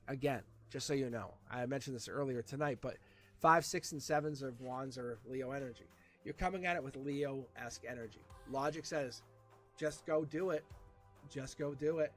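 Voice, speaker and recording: A man giving a casual live tarot reading, animated and repeating himself with frequent restarts. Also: a little high. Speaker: tarot reader.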